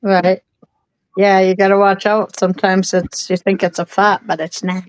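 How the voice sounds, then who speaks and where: A woman's voice: mid-range voice, little pitch movement, moderate pace, clear, resonant tone, no echo, poor audio. A woman with a mid-range voice teases and chats casually. She often breaks into short laughs. The sound is dry and close. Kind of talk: casual chat.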